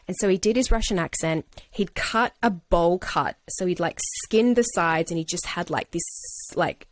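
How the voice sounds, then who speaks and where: A woman, a working actor and coach, tells a story in a lower-pitched voice and slips into the voices of the people she quotes. The sound is close and dry, with no room heard behind her. Her speech is full of ordinary restarts and "like". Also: no echo. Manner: animated storyteller who acts out quotes. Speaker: actor and acting coach, podcast guest. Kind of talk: casual interview storytelling.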